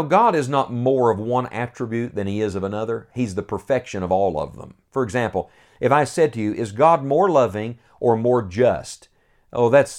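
A man preaching a radio Bible teaching, earnest and emphatic, slowing down to stress quoted scripture. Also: mid-range voice, a little mellow.

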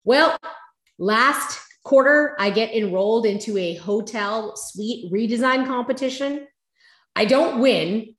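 A woman telling her career story as an interview guest, lively and acting out past conversations. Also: on the high side, takes it slowly, echoey room. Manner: animated, acts out past conversations.

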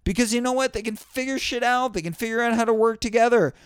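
A man in a profane political rant, angry and sweary, breaking into shouted bursts, recorded indoors. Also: very high voice, fast, clean tone, no room sound, studio quality. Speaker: vlogger. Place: indoors during a thunderstorm.

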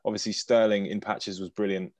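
Male podcast host, deep, halting and chatty, dry recording. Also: flat delivery, no room sound. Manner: hesitant, many restarts, sighs. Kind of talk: casual football podcast chat.

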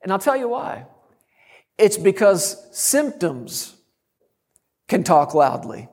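Middle-aged guy preaching a sermon, high voice, punchy and funny at times. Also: sing-song, takes it slowly, darkish tone. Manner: bold, emphatic, humorous preaching. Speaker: guest preacher.

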